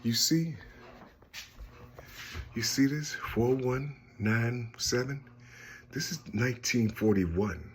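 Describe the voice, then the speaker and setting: Man, slow and searching monologue, keeps circling back with "you see?", mid-pitched voice, unhurried. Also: slight background noise. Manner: slow, halting, often trails off softly. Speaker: speaker sharing personal visions. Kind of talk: rambling personal monologue.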